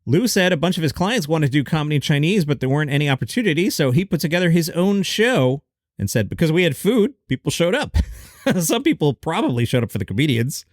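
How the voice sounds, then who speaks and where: A man's voice: on the high side, very animated, fast talker, no room sound, clean studio sound. A man hosting a comedy news roundup, reading out quotes and adding wry, sarcastic asides.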